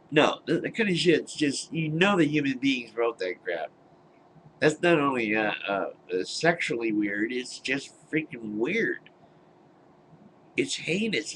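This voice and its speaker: A man's voice: medium pitch, sing-song, unhurried, a bit bright, a little hiss or hum, low-quality recording. An older man ranting into his webcam at home, blunt and exasperated, swearing and scoffing in disbelief. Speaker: webcam vlogger. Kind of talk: angry personal rant.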